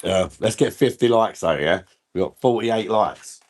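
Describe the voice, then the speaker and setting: A man's voice: fairly low pitch, moderate pace, a little mellow. A man hosting a casual live stream, laughing often and bantering with viewers in the chat while he drinks.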